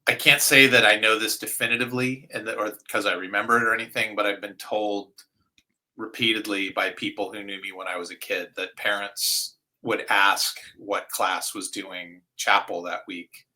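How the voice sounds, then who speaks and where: Bright-voiced man chatting as a guest. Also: on the low side, moderate pace, rough recording. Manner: relaxed, many fillers, trails off softly. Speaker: guest vocalist. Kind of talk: casual interview chat.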